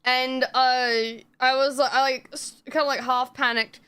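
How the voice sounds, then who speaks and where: A woman streaming live in loose, rambling chat, full of fillers and casual swearing. Her voice sits high and sounds bright and smooth. She takes her time between thoughts. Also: little pitch movement, unhurried.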